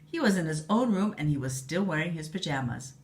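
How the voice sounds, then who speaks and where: A woman reading a storybook aloud to a child in an expressive, lively way. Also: sits low, a little fast.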